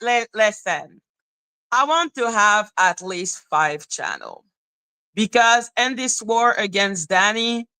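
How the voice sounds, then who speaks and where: A young woman ranting to her viewers on a livestream, her voice bright and clear and set a little high. She swears freely and stays heated, then lifts into high, singing greetings to the chat. The sound is close and dry. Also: dry recording. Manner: heated, profane, breaks into high sing-song greetings. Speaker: livestream host. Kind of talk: livestream rant chatting with viewers.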